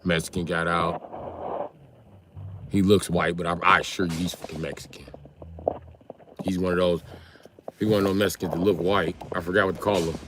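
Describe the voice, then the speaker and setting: A man live streaming, ranting in loud, profane comedy commentary over a video. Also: low-pitched, little pitch movement, normal speed, pauses often, background noise.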